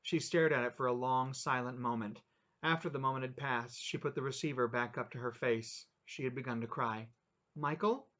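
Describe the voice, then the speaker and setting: Relaxed man reading his own stories. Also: medium pitch, brisk. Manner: relaxed, offhand asides. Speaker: channel host reading his own writing. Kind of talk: casual reading of short stories.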